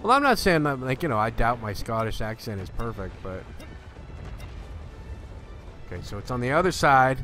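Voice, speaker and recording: Bright-voiced joking gameplay streamer. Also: male voice, mid-range voice, lively intonation, normal speed, long pauses, faint music behind. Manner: chatty and joking, answers chat. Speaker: live-stream host. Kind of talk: casual live gameplay commentary.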